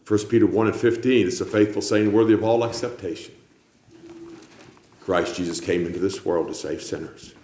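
A man preaching a sermon, building to loud climaxes and then dropping low. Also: normal speed. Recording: echoey room with faint background noise.

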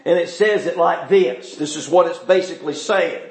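A man preaching a sermon, calling out to the congregation and asking them questions, swinging between shouting and quiet asides. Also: fairly high pitch, normal speed, roomy sound. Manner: fervent, calls out to the congregation and asks them questions.

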